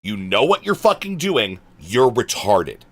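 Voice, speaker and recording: A man's voice: on the low side, very animated, unhurried, fairly bright tone. A male streamer reading out his chat and answering it, exasperated and swearing, trailing off into muttered asides.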